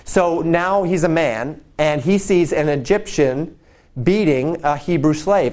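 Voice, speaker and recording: A man's voice: on the high side, slow pace, darkish tone. A man teaching from the Bible in a conversational, storytelling way, often repeating words as he goes. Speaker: preacher.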